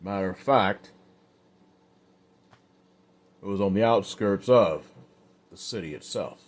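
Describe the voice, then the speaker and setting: A man narrating an old-west story in a slow, unhurried, casual way. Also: on the low side.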